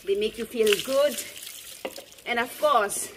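A middle-aged woman, a dog owner and mother, chats fondly in a casual home video shot outdoors at home on a phone camera held by her daughter. Her voice is on the high side and she takes it slowly, cooing to the dog, with background noise audible.

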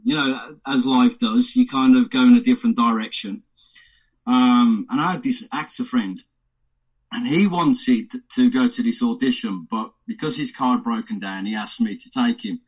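A male actor talks at normal speed in a mid-range voice during a laid-back podcast interview built around his stories. He laughs often and acts out voices within his anecdotes with plenty of energy. The recording quality is low.

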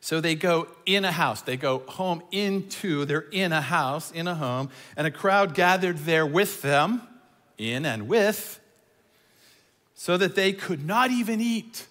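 Male preacher, fairly high voice, big reverb-heavy church hall, animated delivery that swings loud to hushed. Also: takes it slowly. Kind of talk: sermon. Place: church auditorium. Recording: long reverb of a large hall.

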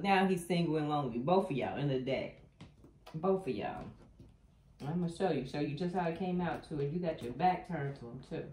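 A woman giving a tarot reading to her viewers, animated and blunt, cursing freely. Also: low-pitched. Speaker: tarot reader. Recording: echoey room with faint noise.

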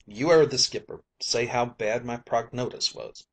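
A man's voice: mid-range voice, measured pace. A man voicing a crafty old sailor who fakes illness, in a plaintive, put-upon dialect.

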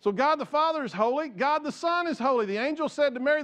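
A man's voice: extremely high pitch, animated, fast, few pauses, a bit bright. A man pastor preaching a conversational sermon in church, repeating words as he goes and joking with the congregation.

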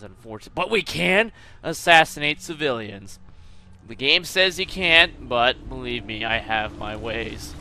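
A man's voice: medium pitch, creaky, pushed and bright. A man hosting a gaming channel, commenting casually on his gameplay with crude jokes and swearing. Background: faint game music.

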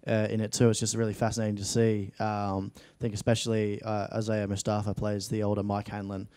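A man's voice: fairly low pitch, monotone, a little fast, dark tone, clean tone, dry recording. A young Australian man in his late teens, an actor chatting casually in a studio interview, rambling with frequent restarts and fillers. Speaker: actor guest.

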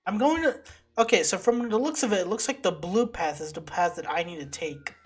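A woman giving casual gameplay commentary, excitable and swearing as she reacts to setbacks. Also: on the low side, fairly quick, breathy edge. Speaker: let's play gamer. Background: game music.

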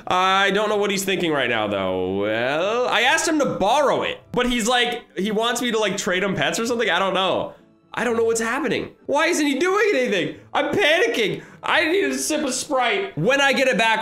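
Brief: excitable male gaming YouTuber, bright, lively pitch, rambling play-by-play. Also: a little fast, reverberant, faint music behind. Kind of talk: excited gameplay commentary.

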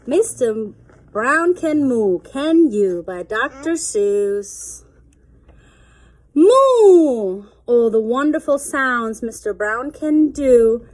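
Animated high-voiced mother reading aloud. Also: slow pace. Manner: animated, sing-song read-aloud with playful sound effects. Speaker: parent reading to her child. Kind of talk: reading a picture book aloud.

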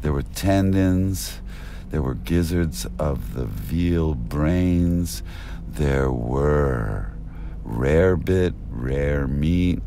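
A man talks in an unhurried, meandering ramble that leaps from topic to topic with a conspiratorial edge. His pitch swoops widely up and down, and the binaural pickup puts him close and spatial in the ear. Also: lively intonation, vocal fry, warm tone, a little hiss or hum. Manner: erratic, conspiratorial, jumps between topics. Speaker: self-styled press speaker. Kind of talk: rambling stream-of-consciousness monologue.

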